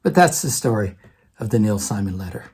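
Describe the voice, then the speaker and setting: A man's voice: lowish voice, lively intonation, fairly quick, a little mellow, slightly rough. Older man telling a personal story. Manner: conversational, acts out other people's lines. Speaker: retired theater department head.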